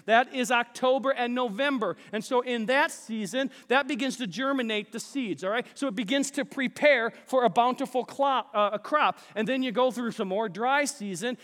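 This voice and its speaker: Energetic high-voiced male pastor preaching. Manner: energetic, calls out to the congregation. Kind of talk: sermon. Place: church sanctuary. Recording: long hall reverb.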